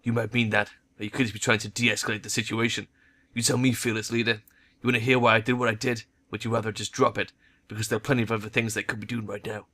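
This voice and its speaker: A man's voice: fairly low pitch, flat delivery, fast talker, bright, forceful tone. A man voicing a blunt, stern female troll ex-soldier in a game, with curt, clipped, unsentimental lines.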